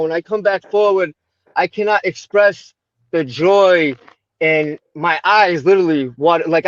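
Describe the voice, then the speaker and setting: An American man with a raised pitch, appearing as a livestream guest, tells personal stories in conversation. He's animated and chatty, full of fillers and tag questions, and voices the other people in his tales. The sound is close, dry and dull, like lo-fi livestream audio.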